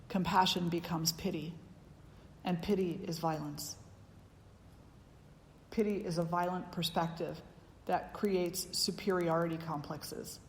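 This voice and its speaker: A woman giving a spiritual teaching talk, earnest and emphatic, often repeating her key phrases. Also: lowish voice. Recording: long reverb hall with faint background noise.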